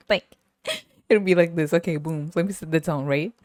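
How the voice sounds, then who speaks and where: A woman hosting a podcast, telling stories in an animated, casual way and laughing often. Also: deep voice, moderate pace, dry recording, clean studio sound. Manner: animated storytelling, laughs often, sings snippets. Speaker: podcast host. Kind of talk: casual chat.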